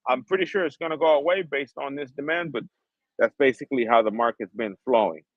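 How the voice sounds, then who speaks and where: A man's voice: medium pitch, fairly quick, no room sound, muffled recording. A man hosting a livestream, ranting in heated, profane street slang. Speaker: livestream host.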